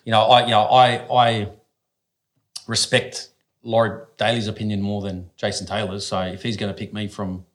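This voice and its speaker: On a talk podcast, a former pro athlete from Australia, in his forties with a lower voice, shares stories at normal speed in a level tone. He's casual and blunt, swears easily, and often halts and restarts mid-sentence.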